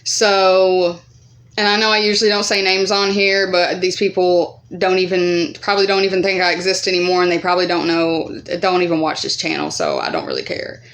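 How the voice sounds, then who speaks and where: Rambling, profane woman vlogger. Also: a little fast. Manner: rambling, profane, many fillers; acts out quoted voices higher and louder. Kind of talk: casual storytime vlog.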